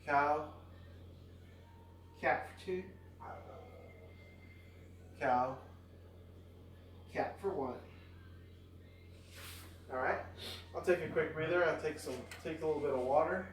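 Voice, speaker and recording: A tired man talks through his stretches in a relaxed, rambling way, full of ums and uhs. His voice sits a bit high for a man. It sounds roomy and echoey, and he is some way off from the mic. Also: slow pace, pauses often, distant mic, a little hiss or hum. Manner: relaxed, rambling, many fillers. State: tired after exercise. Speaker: fitness vlogger. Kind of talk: casual exercise vlog. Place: at home near a backyard.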